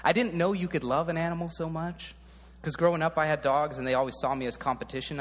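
A man preaching a sermon as a pastor, speaking in a relaxed, conversational way and often checking in with the audience. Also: fairly high pitch, quick pace, in a large hall.

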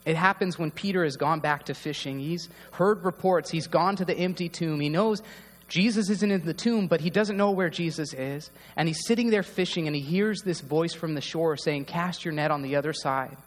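Pastor guy preaching, kinda high voice, talks like he's chatting w/ the room, hall echo and hum. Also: moderate pace. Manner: heartfelt, conversational, asks the congregation questions. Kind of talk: sermon. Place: church hall.

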